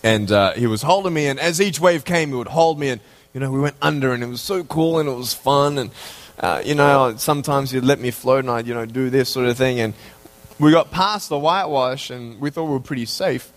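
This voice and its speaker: A man from Australia, preaching as a guest speaker and telling a personal story, his voice leaping high when excited and dropping slow and hushed to make a point.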